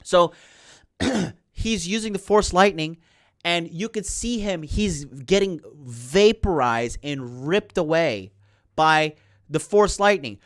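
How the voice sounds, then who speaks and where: A man's voice: high-pitched, a bit bright, no room sound, studio quality. A man hosting a podcast, recapping a movie in a casual, indignant rant full of swearing and fillers. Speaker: podcast host.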